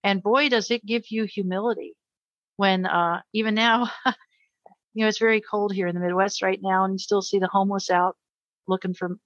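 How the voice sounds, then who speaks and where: A woman's voice: mid-range voice, fairly even intonation, moderate pace, no echo, highs cut off. A middle-aged American woman, a guest in an interview, telling a personal story with earnest emotion and frequent repetition.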